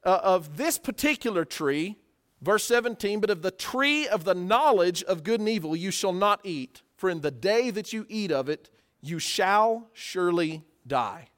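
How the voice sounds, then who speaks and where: High-voiced preaching man. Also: moderate pace. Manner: animated preaching, acts out everyday voices, rhetorical questions. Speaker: pastor. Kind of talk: sermon.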